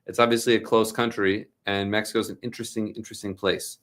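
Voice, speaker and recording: A man's voice: fairly low pitch, little pitch movement, fast talker, fairly bright tone. A man from New Jersey hosting a casual livestream, answering viewer questions in a chatty, joking, rambling way with many fillers.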